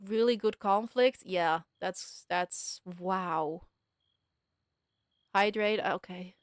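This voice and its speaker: A young woman streaming a story game, chatting and reacting out loud, often breaking off mid-sentence. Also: on the low side, very slow, no room sound, clean studio sound. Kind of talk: live-stream game commentary.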